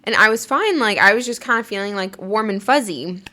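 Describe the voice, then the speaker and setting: Woman, podcast host, casual storytelling, chatty, filler-heavy, mid pitch. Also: expressive, brisk, sharp tone. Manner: chatty, lots of "like" fillers, laughs while talking.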